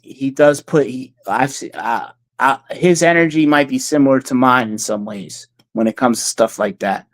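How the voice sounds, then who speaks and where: Brief: casual male guest, medium pitch, loose rambling chat, dry close mic. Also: no echo. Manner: rambling, many fillers and restarts. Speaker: interview guest, music producer.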